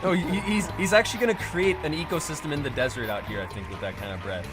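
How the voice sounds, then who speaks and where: A man hosting a live racing stream, interviewing drivers in an excitable, joking way. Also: very fast. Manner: excitable and joking, swearing, lively pitch swings. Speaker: race host and interviewer. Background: music.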